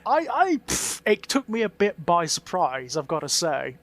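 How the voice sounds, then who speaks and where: A man co-hosting a casual podcast, chatty and quick to laugh. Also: sits high, sing-song, fairly bright tone. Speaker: podcast co-host. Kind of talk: casual chat.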